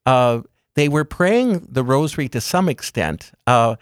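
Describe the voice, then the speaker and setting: A man speaking as a guest in an interview, explaining calmly with a measured, gentle storytelling manner. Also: mid-range voice, clear, resonant tone, dry recording, studio quality. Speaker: guest speaker on religious topics. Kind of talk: calm explanatory interview talk.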